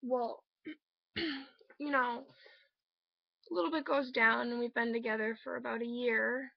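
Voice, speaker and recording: A young woman telling a personal breakup story, halting and hurt, leaning on fillers as she talks. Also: fairly high pitch, steady tone, gravelly, dry recording. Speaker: vlogger. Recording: dull, dry home recording.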